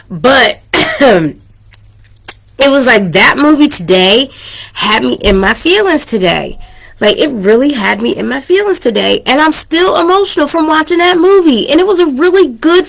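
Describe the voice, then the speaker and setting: A woman's voice: medium pitch, fairly bright tone. A woman in her thirties hosting her own podcast, talking casually and earnestly to listeners, getting emotional and teary at times. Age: 30s. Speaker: podcast host. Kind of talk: casual personal talk to listeners.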